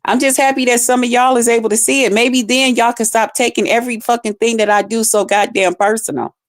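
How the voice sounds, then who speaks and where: A woman with a voice pitched a bit high speaks to her livestream audience. She rants in casual, blunt talk full of profanity and stays fired up as she addresses the chat directly. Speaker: livestream host.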